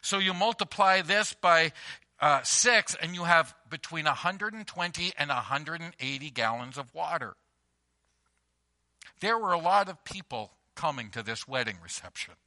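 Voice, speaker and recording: A male pastor addresses his congregation from the church at a moderate pace, his slightly high voice expressive, bright and forceful. He preaches conversationally and with emphasis, weaving everyday stories and repeating key phrases.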